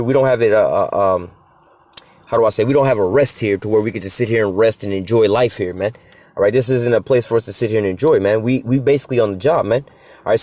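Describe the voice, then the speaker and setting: A man's voice: on the low side, darkish tone, no echo. A man preaching informally on scripture, in blunt, casual street talk, often tagging "man" and "whatever, whatnot.". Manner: blunt, swears in passing. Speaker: preacher of a religious group.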